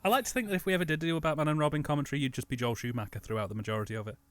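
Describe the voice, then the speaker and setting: A man's voice: fairly high pitch, racing, a bit bright, no echo. A man co-hosting a casual film commentary, laughing often and talking with animation. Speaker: commentary co-host.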